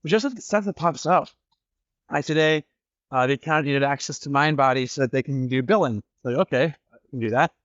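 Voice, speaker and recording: A man's voice: mid-range voice, a little fast, a bit bright, no room sound, highs cut off. A man hosting a podcast in a casual monologue, a little out of breath, rambling and restarting his sentences. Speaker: podcast host.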